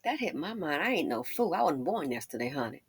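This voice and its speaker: A woman's voice: brisk, breathy edge. A middle-aged woman hosting commentary, sassy and folksy, telling stories with lots of laughter. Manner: animated, acts out quotes in a high excited voice, laughs often. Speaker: commentary channel host. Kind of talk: casual commentary and storytelling.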